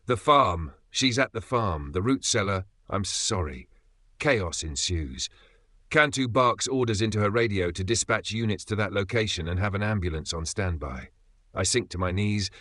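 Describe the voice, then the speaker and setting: A man narrates a dark thriller in the first person, his lowish voice bright and forceful. The delivery is tense and dramatic, and the recording is close and dry. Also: no room sound. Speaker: narrator voicing the father.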